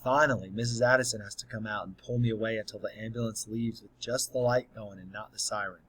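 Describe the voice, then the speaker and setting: A man's voice: lowish voice, steady tone, fast talker, a bit bright, husky, rough recording. A man narrating an audiobook in the first person, telling the story in a plain, earnest way.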